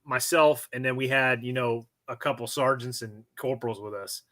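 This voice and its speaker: A man's voice: medium pitch, fairly even intonation, normal speed, bright, forceful tone. A middle-aged man hosting a casual interview and telling rambling anecdotes, laughing easily. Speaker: podcast host, former Marine.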